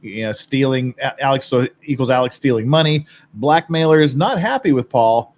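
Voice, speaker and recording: A man's voice: medium pitch, animated, moderate pace. A man hosting a podcast, casually reading and reacting to viewer comments in a rambling, blunt way, with frequent swearing and laughter. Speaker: podcast host.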